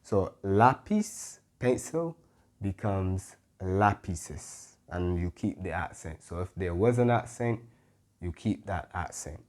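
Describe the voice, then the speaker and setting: A man teaching a Spanish grammar lesson, patient and careful, often pausing with "mm-hmm" and correcting himself. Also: low-pitched, animated, darkish tone. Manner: patient, stops to self-correct, frequent "mm-hmm" fillers. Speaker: Spanish tutor.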